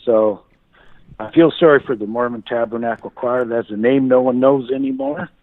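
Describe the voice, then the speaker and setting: A man's voice: medium pitch, steady tone, moderate pace, slight background noise. A man calling in to a show, rambling and chuckling as he talks. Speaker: caller. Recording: dry, tinny phone line.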